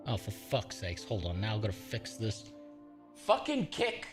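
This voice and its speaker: A man's voice: on the low side, wildly swooping pitch, measured pace, over music. A man from Africa, livestreaming and ranting in casual, profane, exasperated talk. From South Africa.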